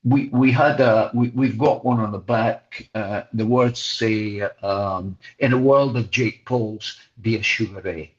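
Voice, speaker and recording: An elderly man in his eighties speaks as an interview guest, plain-spoken and frank in his views. His voice sits on the lower side, and the audio is dull and muffled, as if from a lo-fi mic. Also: unhurried, few pauses. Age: 80s. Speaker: guest, veteran boxer. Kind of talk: conversational interview.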